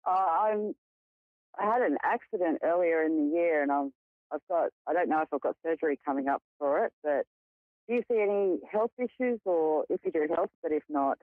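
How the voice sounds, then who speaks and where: A caller on a live radio show who asks hesitantly for a reading and speaks in halting phrases. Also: mid-range voice, no echo. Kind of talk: phone-in call. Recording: tinny phone line.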